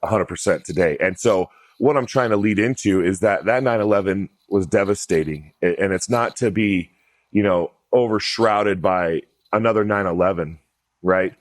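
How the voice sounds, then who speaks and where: A male podcast host with a very low, deep voice. He talks casually and directly, leading the interview with loose, chatty questions. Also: normal speed. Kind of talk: conversational interview.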